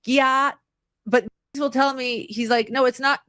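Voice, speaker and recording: A woman's voice: high voice, fairly even intonation, a little slow, fairly bright tone, no room sound, clean studio sound. A woman chatting casually, bemused and laughing. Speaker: guest. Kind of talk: casual chat.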